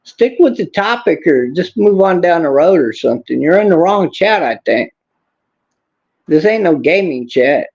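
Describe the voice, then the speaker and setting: Blunt streamer, fairly high gravelly voice, reads chat and rants, dull lo-fi audio. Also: male voice, lively intonation, normal speed, darkish tone. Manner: blunt, angry, swears, talks back to chat. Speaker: livestream host reading chat. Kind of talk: casual political livestream rant.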